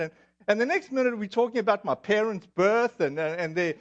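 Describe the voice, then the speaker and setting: In dull, lo-fi audio, a South African man with a high, brisk voice and lively intonation preaches a sermon built on personal stories. He keeps it chatty and self-deprecating, with lots of fillers.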